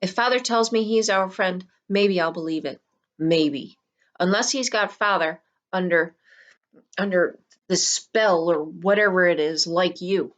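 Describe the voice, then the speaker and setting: A woman voicing a steady, wry teenage boy. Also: fairly low pitch, measured pace, dull audio, lightly acted. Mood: urgent. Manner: hushed, urging, wry.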